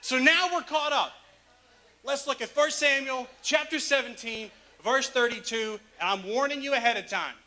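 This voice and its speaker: A man preaches a sermon in a relaxed, joking storytelling way, laughing as he goes. His voice sits high for a man and has a bright, forward edge. He sounds chatty and easygoing at the pulpit. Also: moderate pace. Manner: casual, humorous storytelling with laughs. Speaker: pastor.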